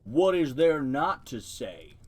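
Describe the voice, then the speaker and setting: A man voicing a slow, deep, gravelly creature that talks like a pedantic lecturer. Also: very animated. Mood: ponderous. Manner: ponderous, lecturing.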